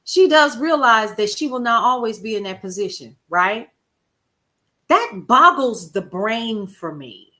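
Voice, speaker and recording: A bright, lively woman hosts a livestream, talking casually to her viewers in a fairly high, unhurried voice. Her storytelling is expressive, folksy and animated, sprinkled with shout-outs to the chat.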